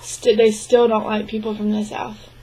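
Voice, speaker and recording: A young woman interpreting a signed interview into spoken English, speaking in short, halting phrases with restarts and frequent throat clearing. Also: mid-range voice, monotone, warm tone, poor audio. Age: young adult. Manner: clears her throat often. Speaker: sign language interpreting student.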